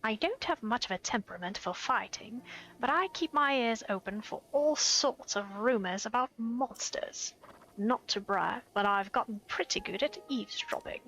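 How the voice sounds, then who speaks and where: A woman's voice: fairly high pitch, moderate pace, sharp tone, slight background noise, low-quality recording. A woman doing a gossipy old-movie traveler man. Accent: mock mid-Atlantic. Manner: breezy, boastful, old-movie delivery. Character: chatty male traveler who gossips about monsters.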